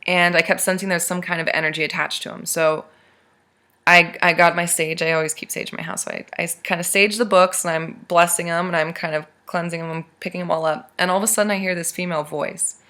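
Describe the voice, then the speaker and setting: A young woman vlogger casually retelling a strange dream to her camera, animated and rambling. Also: fairly low pitch, fast.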